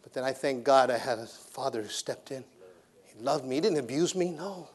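A man preaching a sermon in a church, repeating his points and swinging from hushed to loud. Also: mid-range voice, animated, moderate pace.

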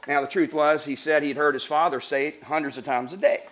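Middle-aged male preacher, lively storyteller, slightly high voice, numbered teaching points. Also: a little fast. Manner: animated, acts out voices, laughs while telling stories. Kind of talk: sermon with humorous storytelling.

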